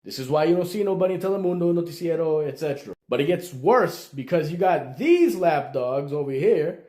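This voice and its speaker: A man's voice: fairly high pitch, expressive, fairly quick, mellow, echoey room. A man from El Salvador giving a heated social-commentary monologue, repeating his points with emphasis.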